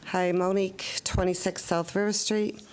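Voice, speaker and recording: A woman speaking as a resident at a town planning hearing, measured and deliberate as she reads back her earlier statement. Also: mid-range voice, little pitch movement, clean tone. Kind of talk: public comment at a town meeting.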